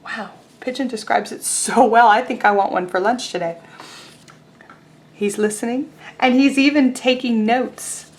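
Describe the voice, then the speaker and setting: A woman teaching young children in an online class, leading calendar time and storytime in a gentle, encouraging way. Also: on the high side, normal speed. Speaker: preschool teacher.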